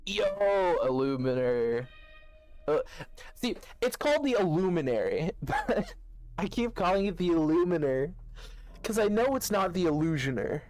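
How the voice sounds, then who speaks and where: A man's voice: sits high, very animated, normal speed, a little mellow, faint music behind. A man giving casual let's-play commentary, joking and thinking aloud as he plays. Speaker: gaming video host.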